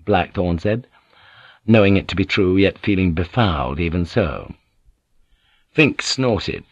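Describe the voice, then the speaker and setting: A man's voice: fairly low pitch, measured pace, no echo. A man narrating an audiobook in a dramatic reading style. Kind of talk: scripted narration.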